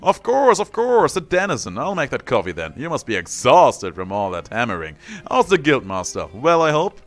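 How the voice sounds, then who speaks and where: A man's voice: mid-range voice, wildly swooping pitch, normal speed, faint music behind, voice pushed up. A man voicing an evasive old hermit who plays dumb, reading game dialogue aloud. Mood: feigning innocence.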